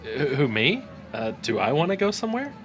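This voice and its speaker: A stammering, unsure young stranger, as a man plays him, fresh in town and lost. The voice is fairly high for a man, and faint music plays behind the tabletop game. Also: big pitch swings, a little fast, some chatter behind. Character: unsure, newly arrived young male stranger.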